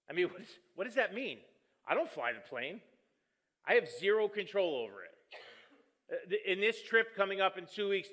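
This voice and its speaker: Male pastor, fairly high and bright, easygoing sermon with self-mocking humor. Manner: joking, storytelling, self-deprecating. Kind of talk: conversational sermon.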